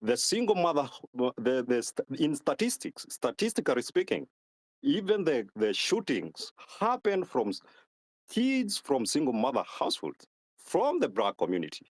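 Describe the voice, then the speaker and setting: A man from Kenya calling into a live online audio room, arguing in a halting way and repeating his words. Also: mid-range voice, huge pitch swings, no room sound. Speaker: caller.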